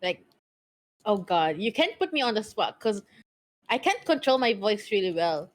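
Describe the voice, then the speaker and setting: A woman's voice: medium pitch, big pitch swings, normal speed. A young woman chatting casually on a live stream, rambling and laughing often, with a strained throat. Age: young adult.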